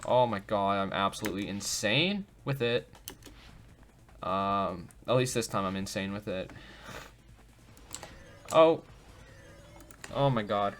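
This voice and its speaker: A man with a bright, lower voice. He gives goofy, self-mocking let's play commentary and talks to himself while he works out each answer. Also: measured pace, pauses often, slight background noise. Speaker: gaming video host.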